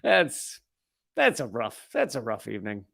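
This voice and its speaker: A man's voice: mid-range voice, wildly swooping pitch, measured pace, creaky, a bit bright. A man hosting a live-stream commentary, reading from an article and breaking off into sarcastic, joking asides.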